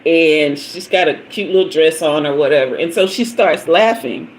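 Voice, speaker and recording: A woman's voice: low voice, normal speed, slight background noise, low-quality recording. Chatty middle-aged woman, laughing. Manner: chatty storyteller, laughs often, greets commenters by name. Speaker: tarot reader hosting a livestream. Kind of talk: casual live-stream chat.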